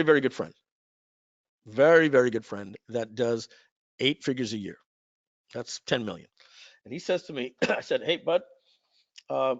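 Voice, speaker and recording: A man's voice: mid-range voice, no room sound, lo-fi sound. A man hosting a live webinar, talking in a chatty sales manner and telling stories with asides. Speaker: webinar host.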